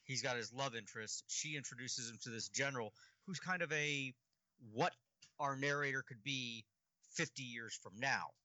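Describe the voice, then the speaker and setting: A man's voice: medium pitch, moderate pace, bright, forceful tone, no room sound. A man, a writer, chatting thoughtfully about his craft with fillers and a pun here and there. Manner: thoughtful, uses fillers, punny. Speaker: writer, guest. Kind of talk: casual chat.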